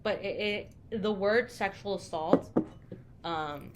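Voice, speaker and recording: A woman's voice: medium pitch, slow, slight background noise. A young woman co-hosting a podcast, telling candid stories in casual chat and swearing freely. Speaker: podcast co-host.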